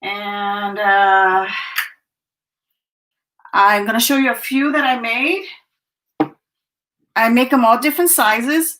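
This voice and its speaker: Slow-talking bright-voiced woman. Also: fairly high pitch. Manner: slow, chatty, breathless with little laughs. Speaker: guest artisan. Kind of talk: casual show-and-tell. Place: home, on a video call. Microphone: video call.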